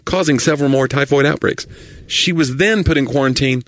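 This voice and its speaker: A male podcast co-host in casual chat, retelling stories with lively asides. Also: mid-range voice, dry recording. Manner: lively, quick asides, storytelling.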